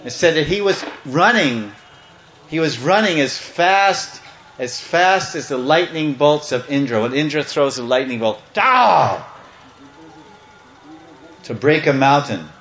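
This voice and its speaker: A man giving a devotional storytelling sermon, animated and playful, breaking into chants and acting out parts. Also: a little high, measured pace, slight background noise. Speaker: devotional speaker. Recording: echoey, slightly muffled room.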